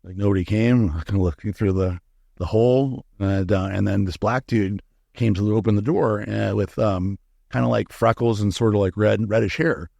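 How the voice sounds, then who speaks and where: A man's voice: fairly low pitch, moderate pace, gravelly, warm tone, no room sound. A man as a podcast interview guest, telling a candid story in a frank, profane way with many fillers and restarts.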